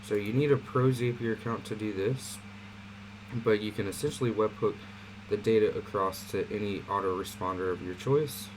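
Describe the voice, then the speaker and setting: A man casually walking viewers through an online marketing platform in a screen-share tutorial, talking in a relaxed, conversational way with fillers. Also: fairly low pitch, normal speed, background noise.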